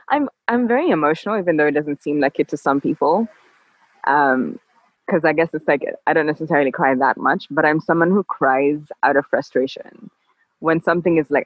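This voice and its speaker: A woman guest on an interview, talking in a calm, level, measured way. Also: deep voice, no room sound. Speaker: podcast guest. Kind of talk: casual interview chat. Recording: dull lo-fi dry sound.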